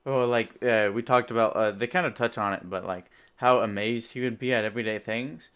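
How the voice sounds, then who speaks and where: A man's voice: mid-range voice, fairly even intonation, a little fast, fairly bright tone, clear, resonant tone. A young man hosting a podcast in casual chat, rambling with lots of filler words and frequent laughter. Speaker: podcast host.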